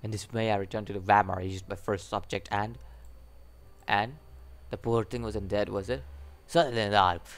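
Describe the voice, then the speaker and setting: An eccentric male scientist from a game story, gleeful and theatrical, speaking in a put-on foreign accent , as a man performs him. He lingers on dramatic pauses as he reveals his findings. The voice sits a little on the low side. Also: fairly even intonation, natural voice.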